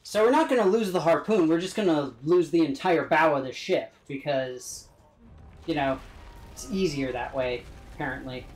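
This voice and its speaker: A man's voice: a little high, normal speed, roomy sound. A man streaming a video game, giving jokey, wisecracking casual commentary. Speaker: gaming streamer. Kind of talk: casual let's-play commentary.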